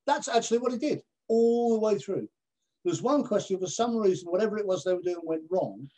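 A man, a television presenter, telling anecdotes in an animated way over a video call and acting out other people's voices. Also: high-pitched, brisk. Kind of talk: anecdotal storytelling in a conversation.

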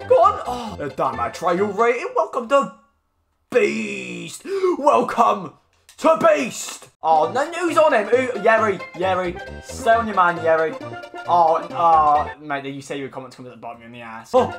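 A young man commentating his own football video game matches, slangy, swearing and shouting when goals go in. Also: sits high, very animated, moderate pace, music in the background. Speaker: gaming YouTuber. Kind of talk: excited gameplay commentary. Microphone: desk microphone.

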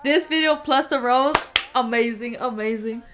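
A woman of about twenty doing excitable, gushing reaction commentary, calling out "bro" and "oh my God" as she watches. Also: a little high, moderate pace, over loud music. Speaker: YouTube reactor.

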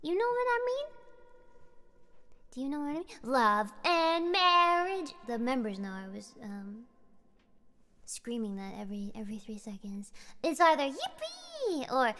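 A woman's voice: a little high, sing-song, normal speed, pauses often. A young woman streaming karaoke, singing songs and rambling and giggling between them. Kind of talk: karaoke stream with chatty asides. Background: backing music.

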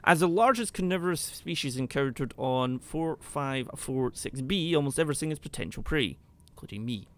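A man commentating his game play, excitable, talking to the creatures and shouting when he panics. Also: mid-range voice, moderate pace, hardly any pauses. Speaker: gaming YouTuber.

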